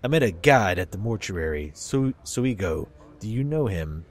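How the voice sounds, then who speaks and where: A grim, terse wanderer asks his questions in a low, hushed voice, read out by a man. He speaks plainly and briefly, with some lift and fall in his tone. It sounds like a game being played and read aloud. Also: very animated, moderate pace.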